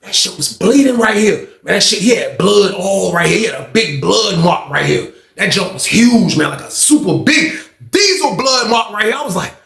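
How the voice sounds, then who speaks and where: A man telling a story in a loose, profane way, doing voices and sound effects as he goes. His voice is gravelly and fairly high, and it swings widely in pitch. The recording sounds echoey and roomy. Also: lively intonation, normal speed, a bit bright. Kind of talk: casual storytelling. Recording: roomy echo.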